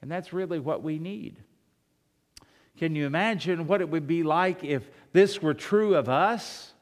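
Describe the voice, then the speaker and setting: A man's voice: fairly high pitch, a little slow. Preaching man in a reverberant hall. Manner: preaching with rhetorical questions and swings in loudness. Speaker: pastor. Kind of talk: sermon.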